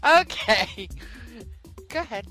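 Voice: medium pitch, expressive, slow pace, pushed and bright, soft background music. A podcast co-host in casual gaming chat who teases the host and laughs often.

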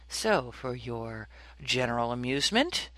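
A woman hosting a podcast, chatty and quick to curse and laugh, just over an illness. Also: a bass voice, big pitch swings, fairly bright tone, no echo, low-quality recording. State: recovering from illness. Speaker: podcast host. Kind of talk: casual group chat over a call.

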